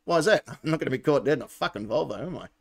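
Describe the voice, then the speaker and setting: A man's voice: medium pitch, expressive, very fast, creaky. A man hosting a casual live comedy show, laughing often and handing out points. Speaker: host.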